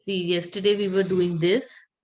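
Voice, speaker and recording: A woman's voice: lowish voice, level tone, moderate pace, a little mellow. A woman teaching French pronunciation in an online class, patiently repeating words for her students over a video call.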